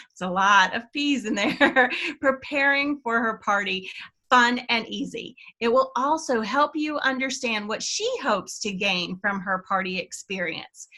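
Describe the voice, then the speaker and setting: Upbeat middle-aged Southern woman coach, high-ish bright voice, chatty training delivery. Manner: enthusiastic, chatty, laughs at own slips. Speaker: sales trainer, webinar co-host. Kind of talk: upbeat training talk with personal stories.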